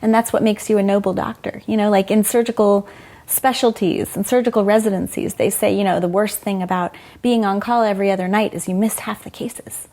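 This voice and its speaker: A woman's voice: medium pitch, steady tone, fairly quick, warm tone. A middle-aged woman, a former doctor, telling frank, emotional stories in an interview and quoting people as she goes. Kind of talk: candid conversational storytelling.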